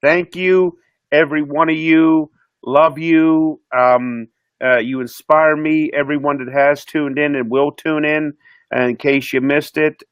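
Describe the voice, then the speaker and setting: A man from Missouri signing off as an interview guest, speaking with humble affection. His voice is a little high. The sound is dry and muffled, as on a lo-fi online call. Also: fairly even intonation, measured pace, smooth, no echo. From Missouri, United States. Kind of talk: casual sign-off.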